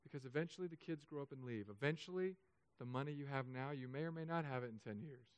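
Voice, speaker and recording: A man preaching a sermon as pastor, emotional, swinging between loud urging and soft, hushed stretches. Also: mid-range voice, fast, smooth, dry recording.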